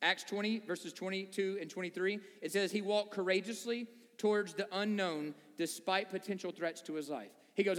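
High-voiced man preaching in a reverberant hall. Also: moderate pace. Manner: animated, joking asides and acted-out voices. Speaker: pastor. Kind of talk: sermon.

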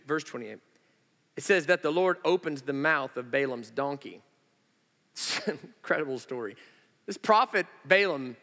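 Animated, bright-voiced man preaching in a reverberant hall. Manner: animated storyteller who swings between loud, high exclamations and slow, hushed emphasis. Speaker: pastor. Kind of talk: sermon. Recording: long reverb of a large hall.

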